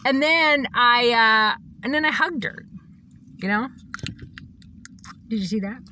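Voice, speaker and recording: Bright, blunt, swearing woman ranting. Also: a little high, slow, slight background noise. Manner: blunt, profane, emphatic ranting. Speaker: self-described psychic and reverend. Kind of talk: rambling monologue.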